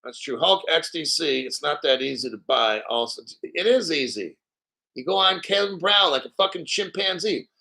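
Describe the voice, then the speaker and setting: A male crypto livestream host with a high, bright voice who talks in a hyped, profane rush. He stops often to clear his throat. His delivery is excitable and pushy. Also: moderate pace, low-quality recording. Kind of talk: live-stream commentary.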